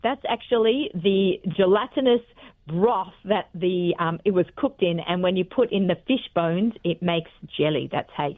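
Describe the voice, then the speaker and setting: A woman's voice: lowish voice, moderate pace. A woman chef with an Australian accent, chatting casually as a guest on a radio interview, full of cooking tips. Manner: chatty, warm-hearted cooking tips with fillers. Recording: phone-line audio.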